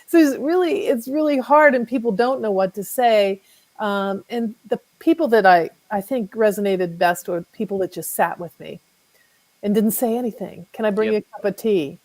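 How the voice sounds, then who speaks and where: A woman's voice: medium pitch, moderate pace, darkish tone, poor audio. A middle-aged woman, a guest author, speaking candidly and wryly in a casual interview. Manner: candid, wry with light laughs.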